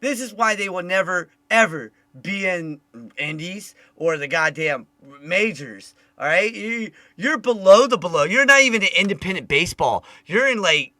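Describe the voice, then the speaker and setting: Male host, high and very bright voice, loud, profane, animated; dry close sound. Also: normal speed, hardly any pauses, no echo. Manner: loud, animated, swears a lot. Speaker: podcast host. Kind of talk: casual chat.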